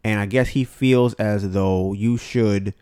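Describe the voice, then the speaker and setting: A man's voice: fairly low pitch, steady tone, slow, a little mellow, smooth. Blunt, profane male podcast host. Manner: blunt and profane, often acting out quotes. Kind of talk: casual podcast chat.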